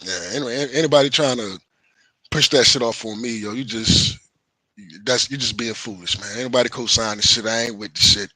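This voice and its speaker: A man's voice: mid-range voice, a little fast, bright, forceful tone, no echo, rough recording. Heated man ranting on a livestream. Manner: heated, defensive, profane, repeats himself. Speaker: livestream host. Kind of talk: casual livestream rant to chat.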